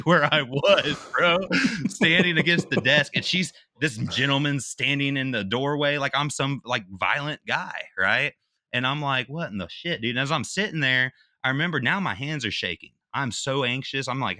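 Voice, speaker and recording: Here a male military veteran, speaking as a guest, shares a personal story in relaxed talk with a mid-range voice. There's no echo, and the audio is studio quality. He livens it up by performing other people's lines and slipping in slang like "dude" and "bro."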